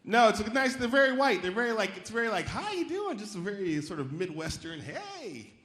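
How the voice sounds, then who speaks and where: On a theater stage, a man with a high, slightly bright voice talks fast through a stand-up comedy set, chatting casually, riffing with the audience and sometimes mimicking chirpy voices. The roomy live hall carries faint crowd noise, and audience laughter sounds in the background.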